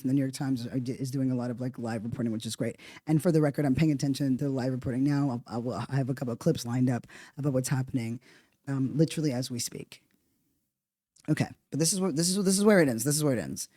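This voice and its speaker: A woman hosting a podcast delivers heated political commentary full of swearing and sarcasm, sometimes leaping into high, mocking outbursts. Her tone is darkish, and the studio-quality recording is dry.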